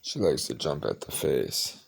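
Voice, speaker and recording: A man's voice: rumbling low, very animated, measured pace, creaky, whispered. A man talking casually to his kitten late at night, cooing baby talk mixed with offhand swearing. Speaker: pet owner.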